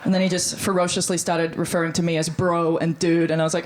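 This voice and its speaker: A woman's voice: on the low side, fast, rough recording. Brash Australian woman doing stand-up. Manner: brash, animated, swears freely. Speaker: stand-up comedian. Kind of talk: stand-up comedy. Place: live comedy stage.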